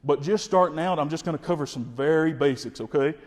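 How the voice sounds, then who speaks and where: A man with a Kentucky accent, explaining turkey calling in a folksy, energetic way and imitating the birds. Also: on the high side, quick pace, big-room sound. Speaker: wildlife information specialist. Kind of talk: instructional explanation.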